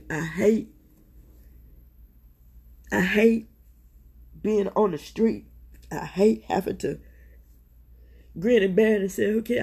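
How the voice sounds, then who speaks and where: This middle-aged woman, a podcast host, speaks in a lowish, warm, slightly rough voice with vocal fry. Her talk is personal and confessional: candid, emotional accounts of her struggles, full of swearing and frequent appeals to listeners.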